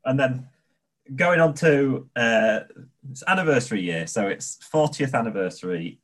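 A man's voice: medium pitch, expressive, moderate pace. A man in his thirties hosting an interview, asking questions hesitantly with many fillers. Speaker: interviewer, host.

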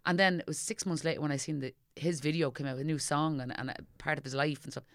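A middle-aged woman with a Dublin accent talks quickly in a lowish voice, spinning stories and mimicking the people in them. The recording is close and dry, with no room sound. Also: dry recording. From Ireland. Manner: animated storyteller, acting out what people said. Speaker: guest. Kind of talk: casual chat.

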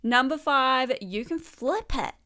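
A young woman riffs through a comedic column. Her voice sits a little high, and she drifts into rambling asides, laughing as she goes. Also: lively intonation, slow, bright, forceful tone. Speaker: podcast host reading her column. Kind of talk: casual comedic monologue.

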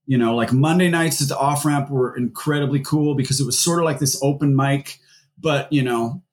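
A medium-pitched man speaking at a moderate pace, a musician guest from the Seattle area, chats casually in an interview. He rambles through his stories with plenty of fillers and restarts.

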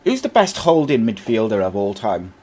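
A man's voice: on the low side, huge pitch swings, normal speed, mellow, slightly rough. A man hosting a podcast, chatting casually about football and reading out listener comments. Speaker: podcast host.

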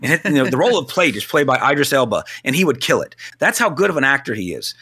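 A man co-hosting a casual film talk, blunt and animated, swearing now and then. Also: medium pitch, fast talker, slightly rough. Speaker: podcast co-host.

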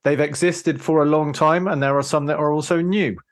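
A man's voice: a little high, steady tone, a little fast. A man with a British accent, hosting a podcast and explaining his views in a thoughtful, casual way. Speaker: podcast host. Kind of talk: casual interview talk.

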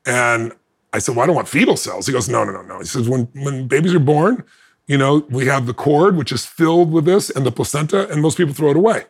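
A male podcast guest tells a personal story with animation, acting out what other people said and laughing between lines. He speaks a little fast, in a medium-pitched, slightly rough voice.

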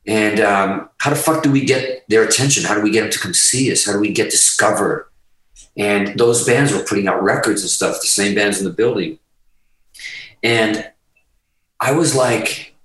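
A man guest on a podcast talks through his past in a rambling, profane, emphatic way. His voice sits a little low. He is set back from the microphone, so the room's echo carries around him. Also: normal speed, a bit bright, distant mic. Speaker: guest musician. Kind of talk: candid storytelling in a podcast interview.

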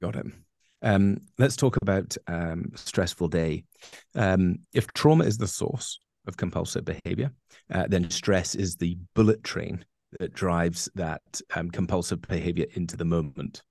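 A man's voice: low voice, unhurried, vocal fry, darkish tone, dry recording, clean studio sound. A man answering interview questions as a coach, emphatic and rambling, with many fillers and restarts. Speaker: guest coach.

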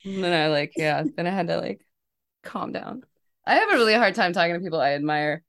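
A woman co-hosting a fan podcast, telling stories in a casual, animated way with frequent laughter. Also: lowish voice, a little fast. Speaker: podcast co-host. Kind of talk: casual chat.

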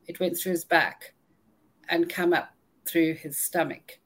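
A woman recounting a personal ordeal in an interview, halting and restarting often, audibly shaken but holding herself together. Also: fairly low pitch, fairly even intonation, fairly bright tone. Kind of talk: emotional first-person storytelling.

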